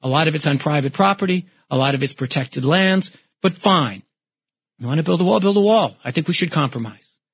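A middle-aged man with a New York accent hosting a talk radio call-in show, arguing his points forcefully. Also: fairly high pitch, animated, a little fast, husky, no echo. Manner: forceful, argumentative explaining.

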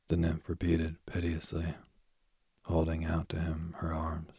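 Very deep gravelly man reading a myth. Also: monotone, measured pace, no echo, clean studio sound. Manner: soft, often dropping to a whisper. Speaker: storyteller.

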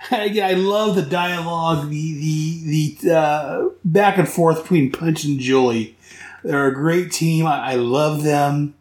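A man's voice: on the high side, takes it slowly, darkish tone, echoey room. A man hosting a podcast, recapping comics casually in a rambling, enthusiastic way that corrects itself as he goes. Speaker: comic book podcast host.

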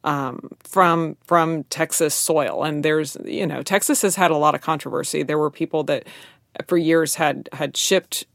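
A woman co-hosting a casual chat, explaining wines with animation and letting her phrases trail off softly. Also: deep voice, measured pace, gravelly, no echo, clean studio sound. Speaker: co-host, wine expert. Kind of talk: casual chat about wine.

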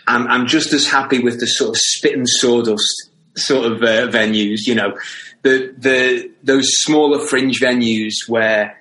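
A man's voice: mid-range voice, steady tone, unhurried, pushed and bright, roomy sound, low-quality recording. A man with a Scouse accent, a theatre company guest talking casually in an interview and often restarting and repeating words as he thinks. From England.

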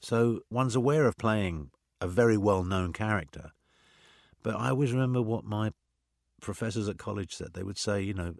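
A middle-aged man, an actor, talking in an interview in an animated, anecdotal way full of "you know" asides. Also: on the low side, moderate pace, gravelly, no echo, clean studio sound. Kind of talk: conversational interview.

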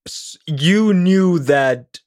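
A man's voice: sits high, expressive, extremely slow, a little mellow. A man co-hosting a casual podcast, chatting loosely, swearing freely and prompting with questions. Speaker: podcast co-host.

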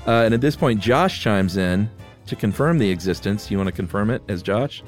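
Male podcast co-host, low-pitched, casual, laughs often, faint music underneath. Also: fairly quick. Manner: relaxed, laughs easily. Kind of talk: casual chat, reading listener mail.

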